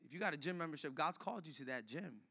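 A young man preaching as pastor, animated and slangy, acting out little everyday scenes. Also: fairly high pitch, very fast, vocal fry. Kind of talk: energetic sermon.

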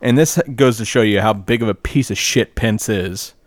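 A low-voiced man in a casual podcast chat, blunt and profane, padding his sentences with "like" and "I mean". The sound is dry and close, with no room around it. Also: normal speed, no echo. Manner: blunt, profane, filler-heavy with "like". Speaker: podcast co-host.

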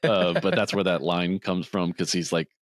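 In a studio-quality recording with no echo, a man co-hosting a podcast speaks at a moderate pace with fairly even intonation. He rambles casually through a movie's plot, voicing the characters' lines in a higher register.

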